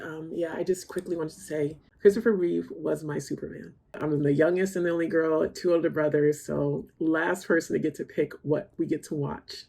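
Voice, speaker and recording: A woman's voice: low voice, gravelly, warm tone, breathy edge. A woman hosting a reaction channel, talking casually to camera, chatty and rambling, open about her feelings.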